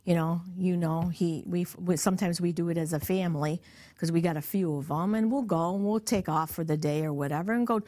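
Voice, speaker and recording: Middle-aged woman, casual interview chat, lower voice, talks loosely with lots of ums and restarts. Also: fairly quick, dark tone. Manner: rambling, many fillers and restarts.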